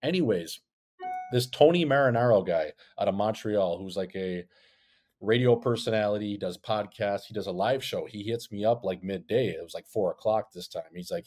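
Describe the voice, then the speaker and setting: A man with a somewhat low voice tells a long, rambling story in a casual podcast chat. He swears freely and jokes at his own expense. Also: fairly quick, darkish tone. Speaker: podcast co-host, former hockey player. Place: Scottsdale.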